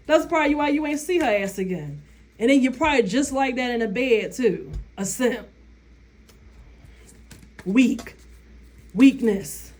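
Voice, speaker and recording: A woman vlogger, giving blunt, profane opinions in a casual rant and laughing often. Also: high-pitched.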